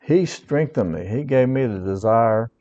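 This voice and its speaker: A man's voice: mid-range voice, expressive, unhurried, warm tone, big-room sound, lo-fi sound. A man who is a pastor giving an earnest personal testimony sermon, repeating his points and reading scripture aloud.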